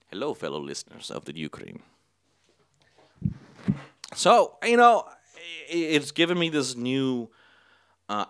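A man's voice: lowish voice, fairly bright tone, clear, resonant tone, dry recording, clean studio sound. A young man hosting a casual solo podcast, rambling through a story with frequent laughs and offhand swearing. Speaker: podcast host. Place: small studio.

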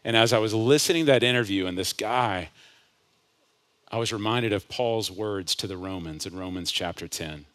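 A male pastor preaching a sermon, climbing to loud impassioned peaks and dropping to hushed lines. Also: fairly low pitch, moderate pace. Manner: builds to loud impassioned peaks, then drops to hushed asides.

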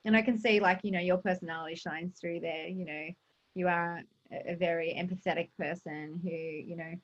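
A woman hosts a casual podcast interview. She asks her questions in a supportive, halting way, filling pauses with little words as she goes. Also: fairly low pitch, steady tone, muffled recording. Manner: supportive, hesitant questions with fillers. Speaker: podcast host.

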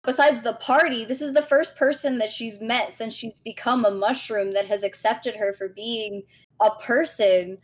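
A woman taking part in a tabletop game as a player. She talks fast and casually, breaking off to correct herself and laughing easily. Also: fairly high pitch, steady tone.

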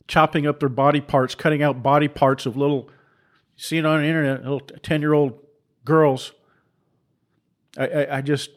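A man preaching with heated, repetitive rhetoric and rhetorical questions, often stumbling into restarts. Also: medium pitch. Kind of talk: impassioned preaching commentary.

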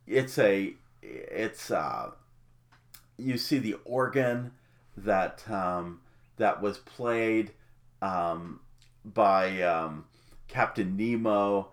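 A man hosting a podcast, talking casually and enthusiastically, with many pauses, ums and restarts. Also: lowish voice, animated. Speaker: podcast host.

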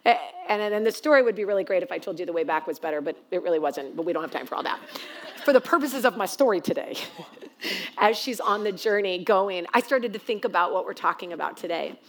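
A woman's voice: mid-range voice, lively intonation, quick pace. A woman guest pastor giving a sermon, telling a story in a chatty, self-mocking way.

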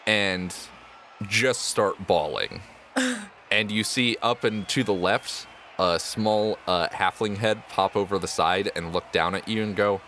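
A man running a tabletop game as its game master, narrating the scene and calling for dice checks. His voice sits a little low but sounds bright and forward, and he often chuckles as he talks. Faint noise hums underneath. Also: a little slow.

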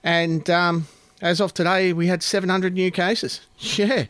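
A man's voice: high voice, flat delivery, a little slow, fairly bright tone, no echo. Dry-voiced sweary Australian man. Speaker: co-host. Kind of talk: casual livestream chat.

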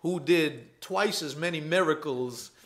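A man in his thirties preaching a sermon, his voice fairly high and bright. He talks in a loose, conversational way. He repeats his key lines for emphasis and laughs easily between them. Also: unhurried. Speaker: pastor.

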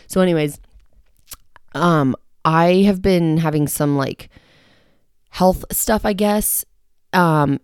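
A woman hosting a casual solo podcast from a quiet home, chatting in a rambling, self-mocking way and sounding slightly short of breath. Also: low voice, dry recording, clean studio sound. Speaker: podcast host. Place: quiet home in the early morning.

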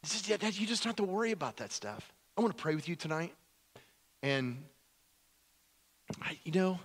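A male pastor preaching a sermon in an animated, repetitive way, acting out quotes as he goes. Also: high voice, normal speed, pauses often, slightly rough.

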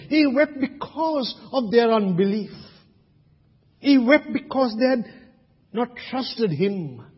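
A Sri Lankan pastor with a very high, breathy voice preaches a sermon in a large church hall, speaking emphatically and posing rhetorical questions. The recording is dull and lo-fi, with long hall reverb.

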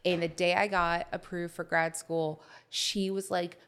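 A fairly low-pitched woman co-hosting a podcast. She talks in a chatty, storytelling way in casual conversation. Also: level tone, a little slow, a bit bright, clear, resonant tone. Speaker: podcast co-host. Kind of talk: casual chat.

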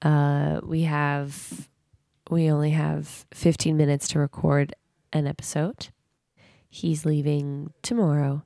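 Low gravelly woman teasing her co-host. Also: flat delivery, slow, warm tone, dry recording, studio quality. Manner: teasing, blunt. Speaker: podcast co-host. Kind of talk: casual chat.

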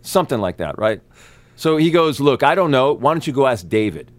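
A male actor appears as a guest telling wild stories, his voice swooping through big pitch jumps as he acts out the other people in them. His fast-moving, profane talk comes in energetic bursts, and there's no room sound.

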